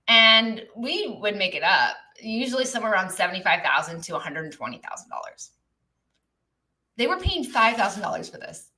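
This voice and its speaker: A woman's voice: medium pitch, very animated, normal speed, pushed and bright. A woman coaching on a livestream, chatty, often trailing off and restarting her sentences as she talks through examples. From lived in many countries. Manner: chatty, reads the live chat, trails off and restarts. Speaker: business coach. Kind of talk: live-streamed coaching talk.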